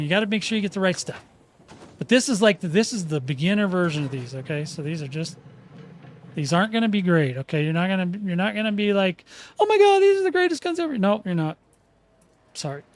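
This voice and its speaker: A man hosting a casual game tutorial, folksy and chatty, often restarting sentences and checking in with "okay?". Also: sits high. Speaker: gaming channel host.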